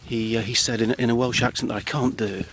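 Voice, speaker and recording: A man speaking outdoors on a countryside path in a hesitant, halting, dry deadpan ramble full of ums and restarts. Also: mid-range voice, a little hiss or hum, low-quality recording. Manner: dry, self-deprecating. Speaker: comedy vlogger.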